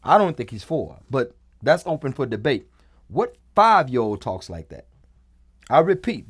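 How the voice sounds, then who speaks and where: A man's voice: a little high, unhurried, breathy edge, dry recording, studio quality. A man hosting a casual commentary show, talking emphatically and repeating his points. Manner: emphatic, repeats phrases, animated. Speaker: host.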